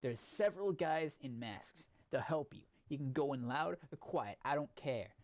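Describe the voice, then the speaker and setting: A man voicing a cold, scheming male crime planner in a flat, matter-of-fact read. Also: a little high, normal speed. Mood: curt.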